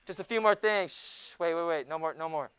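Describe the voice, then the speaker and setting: A young man teaching a junior high Bible class in a classroom, joking with the students and often hushing them. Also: fairly quick, smooth. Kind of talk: classroom lecture.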